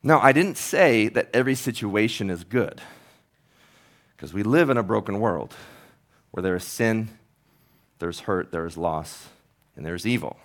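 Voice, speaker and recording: A man's voice: lowish voice, expressive, unhurried, long pauses. A man who is a pastor, preaching a sermon in an earnest, conversational, storytelling manner.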